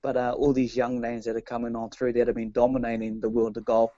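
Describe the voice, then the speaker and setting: A man's voice: medium pitch, completely flat delivery, quick pace, dark tone, no room sound, lo-fi sound. A man with a New Zealand accent co-hosting a casual chat in a laid-back, matey way. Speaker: co-host.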